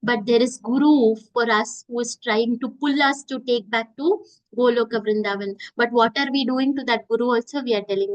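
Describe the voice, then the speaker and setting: Animated woman teaching scripture. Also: fairly high pitch, normal speed, low-quality recording. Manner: animated storytelling, asks the class questions. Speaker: Gita class teacher. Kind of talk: devotional class talk.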